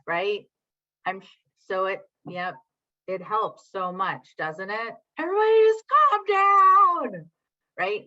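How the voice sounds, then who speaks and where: A woman with a lowish, sharp-toned voice runs an online parenting workshop, heard through lo-fi sound. She chats with her audience live, reads out their comments, and keeps checking in with "right?"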